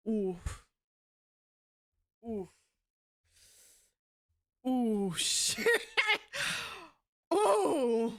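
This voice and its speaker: A young woman streaming live, talking to her chat in a loud, blunt, profane way and laughing often. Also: on the high side, a little slow, pauses often.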